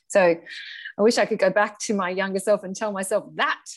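A middle-aged woman, a guest in a conversational interview, telling her story in an animated way and often laughing. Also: medium pitch, a little fast. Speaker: guest, charity founder.

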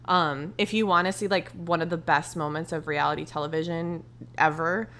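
A woman's voice: deep voice, steady tone, moderate pace, a bit bright. A young adult woman co-hosting a podcast in casual chat, peppering her talk with "like" and swearing freely. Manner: chatty, full of "like" fillers, swears freely. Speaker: podcast co-host.

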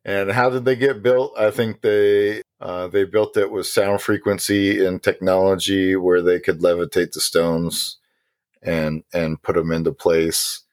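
Very deep, slow, hesitant man. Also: level tone, no echo. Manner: rambling, hesitant, many ums and restarts. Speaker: podcast co-host. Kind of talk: casual conspiracy podcast chat.

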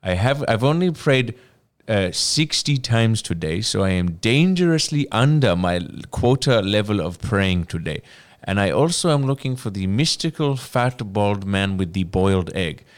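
A man voicing an earnest, rambling male traveler with a put-on South Asian accent, delivered haltingly and with giggles. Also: fairly low pitch, expressive, natural voice.

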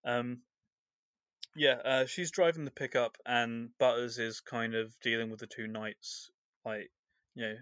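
A man with a mid-range, fairly bright voice speaks at a measured pace with fairly even intonation, recorded without echo. He's co-hosting a podcast and recapping a novel's chapters in a loose, rambling, filler-heavy way, as part of a casual book discussion.

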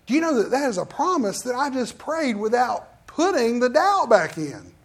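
A man preaching a sermon, acting out quoted prayers and Bible figures with animated swings in voice. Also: very high voice, normal speed.

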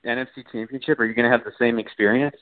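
A man's voice: mid-range voice, steady tone, rapid-fire. A man co-hosting a sports radio show, firm and keeping the talk on track. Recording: tinny phone-like sound.

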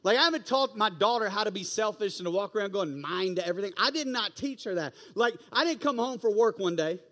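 A young man giving an energetic, conversational youth sermon and often asking "you know what I'm saying". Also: high voice, quick pace. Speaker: youth pastor. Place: large church auditorium. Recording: long hall reverb.

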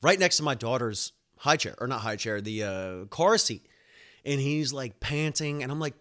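Animated man telling a story. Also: medium pitch, brisk. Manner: animated, laughing, swearing, acts out voices in quotes. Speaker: podcast host. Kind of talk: casual storytelling.

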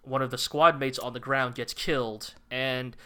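A man co-hosting a podcast, talking in a casual, impassioned way with quick restarts. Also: medium pitch, fairly even intonation, bright, forceful tone, clean tone. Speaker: podcast co-host. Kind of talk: casual chat reviewing anime.

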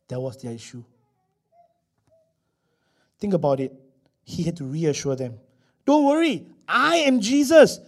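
A man preaching a sermon as pastor, moving between loud, emphatic declarations and hushed asides. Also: medium pitch.

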